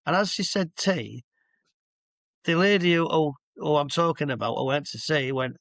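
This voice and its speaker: A man's voice: on the high side, normal speed, gravelly, fairly bright tone, no room sound. A man, a hypnotherapist telling rambling stories on a video call from home. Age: 60s. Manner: chatty, rambling, stops to explain asides. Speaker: clinical hypnotherapist guest. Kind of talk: casual anecdotal storytelling. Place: at home with a dog nearby.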